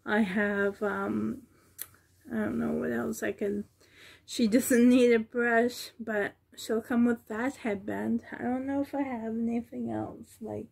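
A woman speaks slowly and softly in a husky, gravelly voice that sits a little high for her. She sounds a little out of breath. She coos over a baby doll she is selling at home, filling her sentences with ums. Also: steady tone. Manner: soft, cooing over the doll, with many ums. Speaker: reborn doll seller. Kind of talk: casual show-and-tell vlog. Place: at home, seated on the floor.

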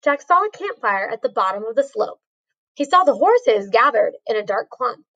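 A woman's voice: a little high, big pitch swings, normal speed, a bit bright, dull audio. A woman reading a storybook aloud, carefully, with a few small slips. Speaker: reader.

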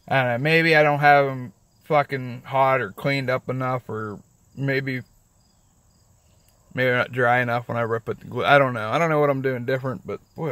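Sitting in his parked car, a vlogger rambles casually, swearing often and poking fun at himself. His voice is mid-range and a bit bright, with no room sound.

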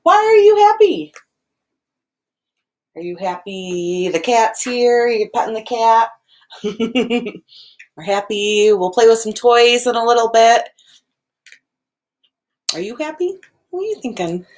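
A woman preschool teacher giving a gentle, expressive lesson to young children, acting out each feeling as she names it. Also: a little high, takes it slowly, pauses often. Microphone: video recording.

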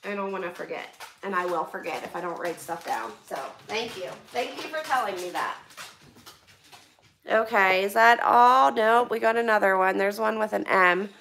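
A woman's voice: medium pitch, moderate pace, creaky, roomy sound, slight background noise. A woman vlogger with a Western Pennsylvania accent, chatting casually and gushing as she opens donations. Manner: gushing, excitable. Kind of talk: casual live stream chat.

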